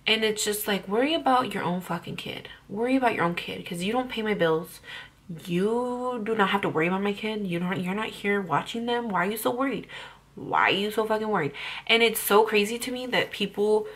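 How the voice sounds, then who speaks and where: A woman's voice: medium pitch, a little fast, fairly bright tone, slightly rough. A young woman ranting bluntly about parenting on her vlog, heated and full of swearing. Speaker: parenting vlogger.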